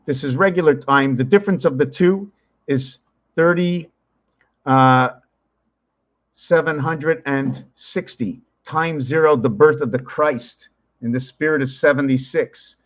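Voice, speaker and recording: A man's voice: a little high, measured pace. A man rambling to a camera in a mystical, musing way, mixing French and English. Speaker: vlogger. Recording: dull lo-fi recording.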